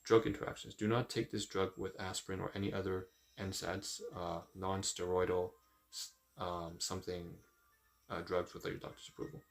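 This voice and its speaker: A man on a casual live stream who reads a leaflet aloud haltingly, thinks aloud with frequent fillers and stumbles over long words. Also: sits low, level tone, creaky. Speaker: livestreamer.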